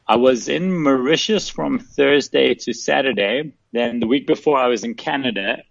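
A man calling in as a guest, telling a casual, animated story. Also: mid-range voice, moderate pace, creaky, no room sound. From South Africa. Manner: animated, laughing anecdotes with acted-out quotes. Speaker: phone-in guest. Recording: dull phone line.

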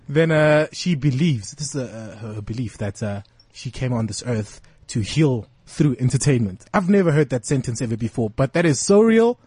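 A man's voice: medium pitch, lively intonation, normal speed, a little mellow, husky, no room sound. A man hosting a radio show in a studio, chatting in a playful, teasing way. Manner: playful and teasing, says "dude". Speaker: radio host. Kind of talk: casual joking radio chat.

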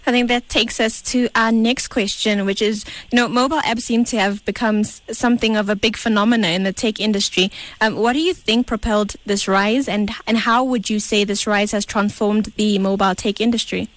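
A woman co-hosting a radio show, smoothly putting a prepared question to a guest. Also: medium pitch, steady tone, a little fast, dry recording, low-quality recording.

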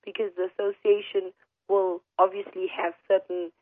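A hoarse woman, an aesthetic doctor, explains her work steadily as a radio guest. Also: mid-range voice, level tone, no echo. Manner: measured, explanatory, with fillers. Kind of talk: phone-in radio interview. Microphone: telephone. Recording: tinny phone line on radio.

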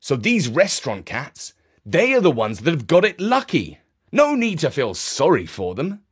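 A man's voice: on the high side, huge pitch swings, normal speed, breathy edge, voice pushed up, full character voice. A man playing a blunt, teasing uncle in a children's audio story, his tone matter-of-fact.

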